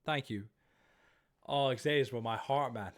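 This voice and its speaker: A man's voice: mid-range voice, unhurried. Chatty male streamer rambling while gaming. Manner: chatty, rambling, easily startled. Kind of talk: casual livestream chat while gaming.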